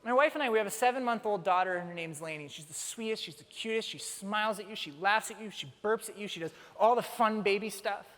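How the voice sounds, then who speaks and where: A man preaching a sermon as pastor, telling stories in an animated way with self-deprecating humor. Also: high-pitched, fast, hardly any pauses. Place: church sanctuary. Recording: long church reverb.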